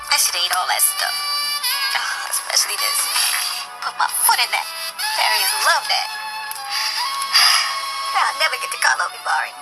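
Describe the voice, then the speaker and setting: A woman's voice: sits high, huge pitch swings, moderate pace, long pauses, over loud music, low-quality recording. A wistful shy woman facing death. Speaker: film character. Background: film score.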